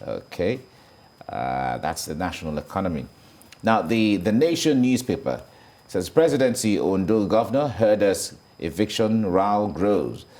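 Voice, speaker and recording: A Nigerian-accented man with a very low voice reads out the morning's newspaper headlines. He is measured and deliberate, often repeating each headline a second time. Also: animated, a little mellow. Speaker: news presenter. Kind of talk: newspaper review reading headlines.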